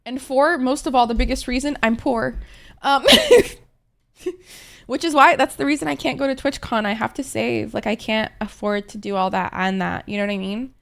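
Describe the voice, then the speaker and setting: A woman's voice: on the high side, steady tone, moderate pace, gravelly. A young adult woman streaming, chatting casually with her viewers in a playful, rambling, profane way, often laughing.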